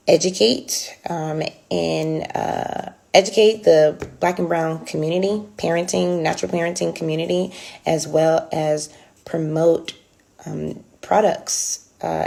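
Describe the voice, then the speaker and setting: A woman's voice: low voice, gravelly, mellow. A woman hosting a casual livestream close to her phone, chatty with many ums and restarts. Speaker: livestream host. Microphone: phone held close.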